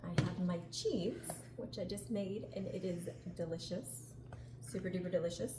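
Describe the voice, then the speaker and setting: A woman's voice: fairly low pitch, normal speed. Upbeat woman cooking host, echoey home kitchen, noisy background. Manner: upbeat, chatty, laughs often. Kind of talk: casual cooking demonstration.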